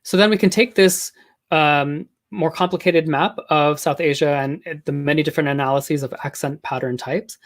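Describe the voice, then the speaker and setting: A man giving a measured, explanatory academic lecture, pausing often with ums and uhs. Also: fairly high pitch. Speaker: linguistics lecturer.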